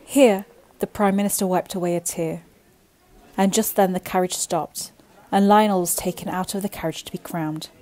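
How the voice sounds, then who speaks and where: A woman storyteller reading a bedtime story aloud in an expressive, gentle way. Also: fairly low pitch, moderate pace.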